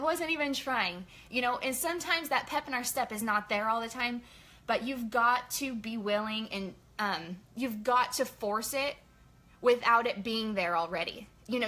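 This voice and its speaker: Bright-voiced energetic woman giving a pep talk. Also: fairly high pitch. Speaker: sales team leader. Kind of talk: casual motivational team training.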